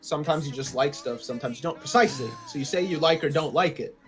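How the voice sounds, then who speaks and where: A man's voice: a little high, quick pace. A man in casual chat, arguing his opinions on music and laughing often.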